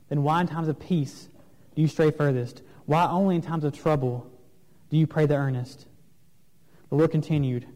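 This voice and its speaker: A man preaching an earnest sermon, asking questions of his listeners, with some pauses and fillers. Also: on the high side, steady tone, darkish tone. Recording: long reverb of a large room.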